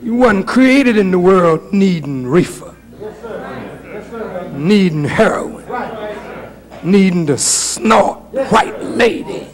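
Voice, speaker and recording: High-voiced preacher, animated and comic. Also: male voice, takes it slowly, pauses often, crowd noise. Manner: animated, humorous preaching with mimicry. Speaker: minister. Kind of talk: sermon. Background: congregation.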